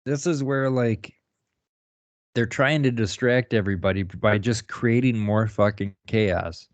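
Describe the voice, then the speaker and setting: Low-voiced man ranting in profane chat. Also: unhurried, no room sound. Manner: rambling, swears often, laughs. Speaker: podcast co-host. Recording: dull lo-fi dry sound.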